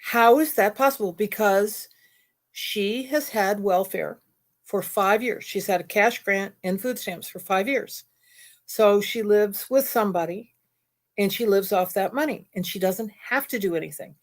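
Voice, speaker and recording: A woman hosting a casual conversation, telling a story in a blunt, exasperated, animated way. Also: medium pitch, unhurried.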